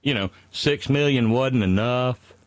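A man's voice: medium pitch, a little slow, dry recording, clean studio sound. A man from West Virginia co-hosting a casual political chat show, profane and rambling, reading listener messages aloud. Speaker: podcast co-host.

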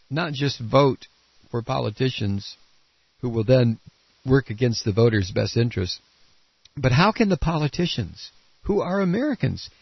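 Male talk radio host, gravelly, husky, congested, combative, dull lo-fi broadcast. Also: medium pitch, no room sound. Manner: blunt, combative, rambling with restarts. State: coughing, congested. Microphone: studio microphone.

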